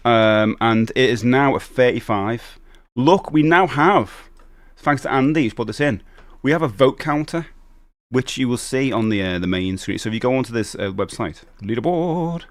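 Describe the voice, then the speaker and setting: A man's voice: medium pitch, moderate pace. A middle-aged man hosting a live stream, chatting casually and rambling as he reads out and answers viewer messages. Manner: chatty and rambling, reading out chat and greeting viewers.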